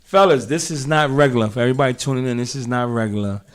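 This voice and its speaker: A man's voice: medium pitch, quick pace, slight background noise. A man from hosting a podcast, talking in loose, slangy banter with frequent laughs. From Brooklyn, New York. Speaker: podcast host. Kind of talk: casual chat.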